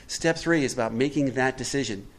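A man's voice: mid-range voice, brisk. A middle-aged man giving a twelve-step recovery talk to a group, conversational and emphatic, often putting questions to his listeners.

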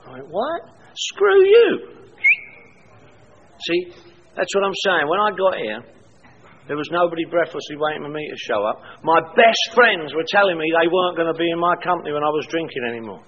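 A man's voice: a little high, expressive, quick pace, a bit bright, in a large hall. A man sharing his personal testimony with a recovery group, telling blunt, colorful stories and acting out the dialogue. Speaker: speaker at a recovery meeting. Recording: dull lo-fi live recording with faint hiss.

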